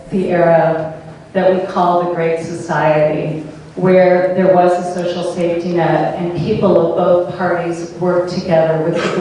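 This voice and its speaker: A woman professor giving a measured, articulate public comment at a town hall. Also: on the low side, a little mellow, slight background noise. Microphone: floor microphone heard from afar. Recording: echoey hall recorded from far off.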